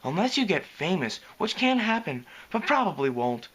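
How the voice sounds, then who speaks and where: Man doing a timid soft-spoken mare, meek, hesitant, raised pitch. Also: sing-song, moderate pace, breathy edge, heavily acted.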